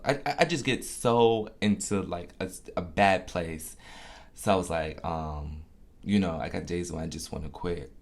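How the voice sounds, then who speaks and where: Deep, gravelly man speaking candidly. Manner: candid and confessional, swears casually. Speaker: musician hosting his own podcast. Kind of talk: casual podcast monologue.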